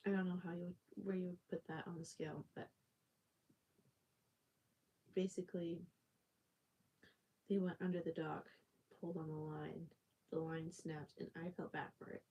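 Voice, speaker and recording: Female livestream host, low and mellow, unhurried, rambling and soft-spoken, with frequent fillers and restarts. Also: flat delivery, breathy edge, low-quality recording. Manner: rambling, many fillers and self-corrections; soft-spoken, drifts into near-whispers. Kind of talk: casual storytelling.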